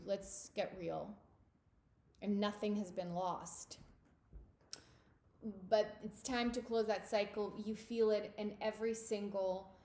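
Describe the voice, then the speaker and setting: A woman's voice: medium pitch, darkish tone, echoey room. A woman giving a tarot reading straight to the listener, intimate and emphatic, calling them darling and babe. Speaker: tarot reader.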